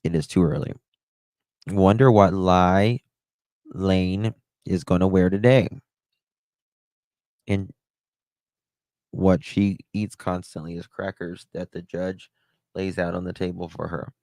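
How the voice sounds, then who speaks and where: A man's voice: sits low, fairly even intonation, slow pace, pauses often, darkish tone, no echo. A man hosting a casual livestream, greeting chatters one by one and talking candidly, with some swearing. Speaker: livestream host. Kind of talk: casual live-stream chat.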